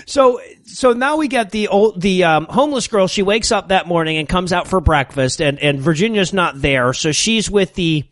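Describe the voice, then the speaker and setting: A man's voice: high-pitched, expressive, moderate pace, few pauses, fairly bright tone, no echo, studio quality. A man co-hosting a podcast, recapping a movie in casual, sarcastic, profane chat. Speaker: podcast co-host.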